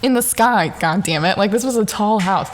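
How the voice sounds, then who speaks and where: Young woman, podcast host, casual storytelling, profane, animated, laughs a lot, mid-range pitch. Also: normal speed. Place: Southern California home.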